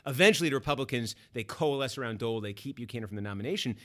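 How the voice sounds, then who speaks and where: A man's voice: medium pitch, racing, hardly any pauses. A man from Boston, a book author and guest, telling detail-packed political stories in a podcast conversation. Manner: animated, detail-packed anecdotes. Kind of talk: fast political storytelling.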